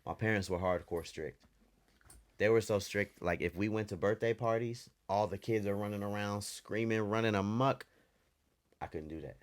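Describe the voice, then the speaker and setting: A man's voice: lowish voice, normal speed. A man co-hosting a podcast, telling candid stories from childhood in a loose, casual way. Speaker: podcast co-host. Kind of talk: casual chat.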